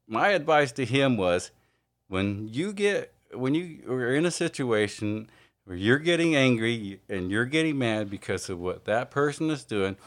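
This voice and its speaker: A man giving an informal, earnest sermon, halting often with fillers and restarts. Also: medium pitch, a bit bright. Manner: earnest, confessional. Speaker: preacher.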